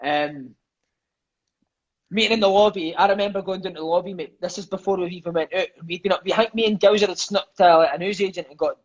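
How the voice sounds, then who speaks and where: A man's voice: high voice, fast. A Scottish man telling stories as an interview guest over a phone on a live video call. He swears freely and says "mate" constantly. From Scotland. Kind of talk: storytelling in casual chat. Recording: dull lo-fi phone audio.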